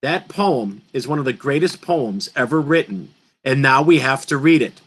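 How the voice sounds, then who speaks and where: A man's voice: medium pitch, lively intonation, normal speed. A man teaching a poetry lesson to an online class, emphatic and asking his students questions.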